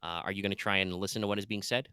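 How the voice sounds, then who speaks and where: A male game master narrating a tabletop game in a playful, rambling way with plenty of fillers. His voice sits fairly low but rings bright and smooth, recorded dry and close. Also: steady tone, very fast, no echo.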